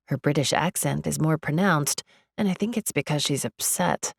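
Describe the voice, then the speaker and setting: A woman narrating a first-person romance audiobook in a measured, wry manner. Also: sits low, vocal fry, husky, dry recording, clean studio sound.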